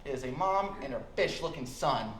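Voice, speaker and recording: A young man telling a crude, deadpan comic story at a college open mic. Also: medium pitch, a little fast. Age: young adult. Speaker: stand-up comedian. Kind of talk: stand-up comedy storytelling. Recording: roomy hall with faint background noise.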